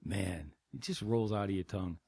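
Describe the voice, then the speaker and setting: A man's voice: fairly low pitch, normal speed, gravelly, a little mellow, breathy edge, no room sound. A man co-hosting a movie podcast in casual chat, sardonic and blunt. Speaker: podcast co-host.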